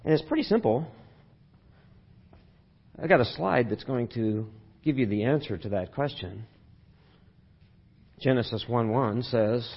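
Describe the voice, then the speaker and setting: A man's voice: medium pitch, lively intonation, measured pace, long pauses, dull audio. A man preaching a sermon in a church sanctuary, talking conversationally and putting questions to the congregation. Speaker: pastor.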